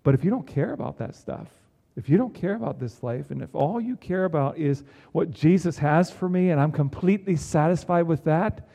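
A man preaching a sermon in an earnest way, with emphatic rises and quiet low drops. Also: expressive, moderate pace, gravelly, lo-fi sound. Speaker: pastor.

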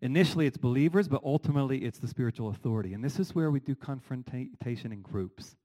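A middle-aged male pastor delivers a sermon with lively, animated energy, leaning on rhetorical questions and quick asides. His pitch sits in an ordinary middle register for a man, and the recording is rough.

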